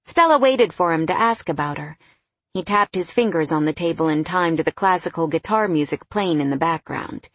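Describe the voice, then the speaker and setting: A woman reading a novel aloud in an even, storytelling narration. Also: low-pitched, fairly quick, dry recording. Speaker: audiobook narrator. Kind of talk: scripted narration.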